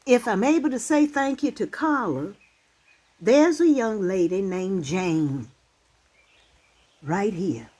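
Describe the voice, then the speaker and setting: A woman, talking to her channel's viewers to camera in a heartfelt, halting, emotional way. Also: medium pitch, expressive, a little mellow. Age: 60s. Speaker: channel host. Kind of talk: casual talk to camera.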